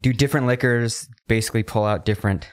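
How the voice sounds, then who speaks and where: A man co-hosting a podcast in a studio, chiming in with quick wisecracks during casual chat. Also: mid-range voice, clear, resonant tone. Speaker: podcast co-host.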